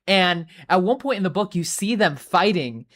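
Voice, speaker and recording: A woman chats casually on a live stream, rambling along with plenty of fillers and swearing. Her voice sits on the low side. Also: expressive, moderate pace. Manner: rambling, profane, filler-heavy. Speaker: livestreamer. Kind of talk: casual chat.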